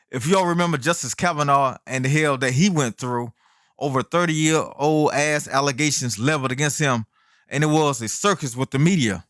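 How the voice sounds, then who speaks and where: A man's voice: mid-range voice, fairly bright tone, no echo, studio quality. A man hosting his own commentary channel, delivering an emphatic, indignant opinion monologue full of rhetorical questions and folksy asides to viewers.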